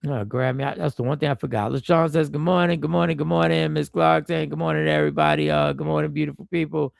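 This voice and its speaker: A man's voice: fairly high pitch, lively intonation, fast talker, no room sound, studio quality. A man hosting a casual live stream, talking with a stuffy nose from a cold, riffing and repeating himself as he greets viewers by name. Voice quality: gravelly.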